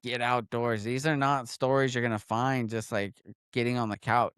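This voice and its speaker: A man's voice: mid-range voice, clear, resonant tone, dry recording, clean studio sound. An American man, a podcast guest, telling a hunting story in casual chat, acting out voices with many fillers. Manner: animated storyteller, acts out quotes, many "like" fillers.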